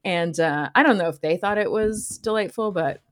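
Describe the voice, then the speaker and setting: A woman's voice: fairly low pitch, normal speed. A young adult woman, a podcast co-host and stand-up comic, telling stories in casual chat with frequent laughter and swearing. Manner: animated, laughs often, swears.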